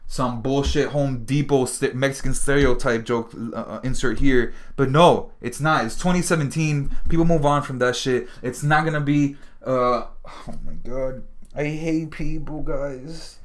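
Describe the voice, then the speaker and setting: Man from Miami, podcast host, rambly and foul-mouthed, tired, mid-pitched voice, breaks into sudden shouts. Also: moderate pace, hardly any pauses. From Miami, Florida. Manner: rambling and heavily profane, with sudden loud outbursts. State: tired and hungry. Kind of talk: casual podcast monologue, reading news aloud.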